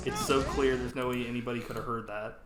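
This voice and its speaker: A man's voice: medium pitch, steady tone, quick pace, fairly bright tone, reverberant, faint music behind. A man co-hosting a podcast, chatting casually about a movie, swearing a lot and acting out lines with laughs. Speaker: podcast co-host. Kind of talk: casual movie review chat.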